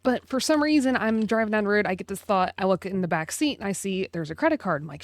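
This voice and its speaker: A woman's voice: medium pitch, expressive, quick pace, few pauses, dry recording. A young woman from central Pennsylvania co-hosting a podcast, telling stories in casual chat and swearing now and then. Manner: chatty storyteller, swears casually. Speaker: podcast co-host.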